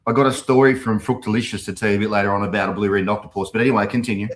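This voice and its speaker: Man, Australian accent, podcast host, fast, jokey, casual. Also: on the low side, fairly even intonation. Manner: jokey, loud interjections. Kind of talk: casual interview chat.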